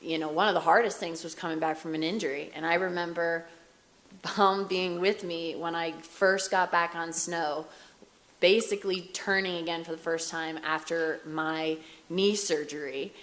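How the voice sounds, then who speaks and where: American woman in her thirties, low steady voice, flat delivery, candid press conference answers. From United States. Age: 30s. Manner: candid, conversational, some fast bursts.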